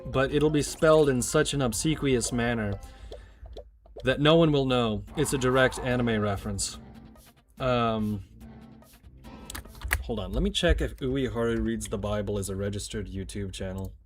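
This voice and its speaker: A man's voice: medium pitch, moderate pace, pauses often, faint music behind. A man streaming a game, chatting casually in a rambling, jokey way with plenty of swearing. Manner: rambling, profane, jokey asides. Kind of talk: casual chat while gaming.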